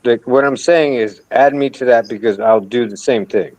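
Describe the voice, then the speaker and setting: A man who is a guest on a casual live stream, talking in a halting way, repeating himself and joking now and then. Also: medium pitch, a little mellow, poor audio.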